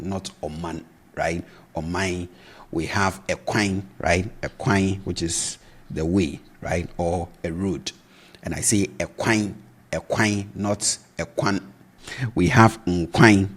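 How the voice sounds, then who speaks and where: A man with a very deep, husky voice teaches a language lesson. He speaks slowly and patiently. He repeats each word to show how it is pronounced and keeps asking "right?" to check the listener is following. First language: Twi. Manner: patient, repeats words slowly for pronunciation, often asks "right?".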